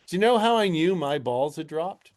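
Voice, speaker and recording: Male podcast guest, slightly high voice, dry and hesitant humor. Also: lively intonation, moderate pace. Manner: wry, hesitant, word-searching. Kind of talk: casual podcast chat.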